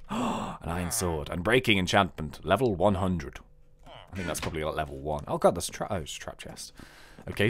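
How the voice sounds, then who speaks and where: A man hosting a game video, chatting excitedly and thinking aloud as he plays. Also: fairly low pitch. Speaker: gaming video host. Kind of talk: let's play commentary.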